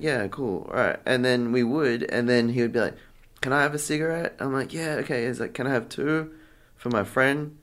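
A young man being interviewed, chatting casually and acting out the exchanges in his story, with lots of fillers. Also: on the low side. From Australia. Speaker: interview guest, artist.

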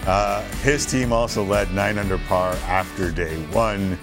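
A man hosting a sports show, calling golf highlights with jokey asides. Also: measured pace. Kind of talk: casual highlights commentary with banter. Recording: music bed under the voice.

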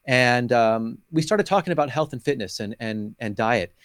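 A middle-aged man tells his story of faith in an earnest, emotional way. He slips into the voices of his own past conversations as he goes. His voice sits at an ordinary pitch for a man, and it is recorded close and dry with no room sound. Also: normal speed, clean tone, no room sound. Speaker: interview guest. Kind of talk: personal faith testimony.

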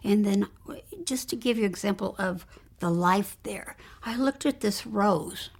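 A woman guest in an interview, earnestly recounting a personal spiritual experience and often dropping into a hushed whisper. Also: medium pitch, measured pace, vocal fry. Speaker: guest telling her near-death story.

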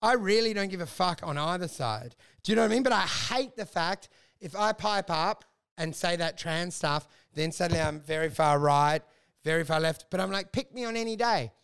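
A man's voice: high-pitched, lively intonation, normal speed, vocal fry, fairly bright tone, clear, resonant tone. A man, co-hosting a casual comedy podcast, rambling crudely and mock-quoting himself. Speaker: podcast co-host.

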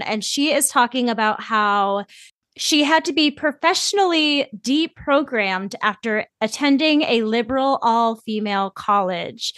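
A young woman hosting a podcast in casual chat, talkative and loose, swearing freely with quick asides. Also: fairly high pitch, a bit bright, no echo. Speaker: podcast host.

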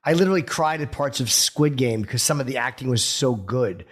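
A man's voice: medium pitch, animated, a little fast. A man hosting a casual podcast chat, easygoing and asking short questions. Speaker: podcast host.

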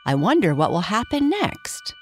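A woman's voice: fairly low pitch, wildly swooping pitch, normal speed, faint music behind. A woman voicing a curious young male rocking horse toy in a children's story. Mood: wondering.

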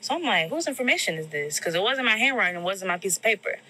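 A woman's voice: mid-range voice, big pitch swings, quick pace, sharp tone, a little hiss or hum, low-quality recording. A young woman telling a casual storytime vent about her boyfriend, blunt and swearing, acting out the people she quotes. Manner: blunt, swearing, exasperated retelling with quoted voices.

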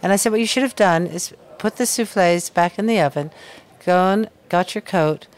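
A woman's voice: lowish voice, normal speed. A woman hosting an interview, drawing out her guest's stories and responding with frequent murmured agreement. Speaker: podcast host. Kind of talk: conversational interview.

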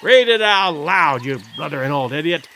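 A man voicing a coarse, cowardly mutinous sailor who growls and snarls roughly. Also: fairly high pitch, quick pace, fairly bright tone, slight background noise, lightly acted. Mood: snarling.

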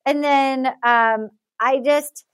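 A woman's voice: sits high, slow pace, smooth. A woman co-host animatedly retelling a TV episode in casual chat. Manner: animated retelling with quoted voices. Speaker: podcast co-host. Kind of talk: casual chat, recapping a TV show.

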